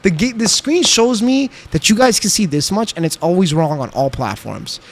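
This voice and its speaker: A man's voice: sits high, expressive, moderate pace. Chatty young man streaming a game. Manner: chatty, talks back to chat, swears casually. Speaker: livestreamer. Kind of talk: casual live-stream chat while gaming.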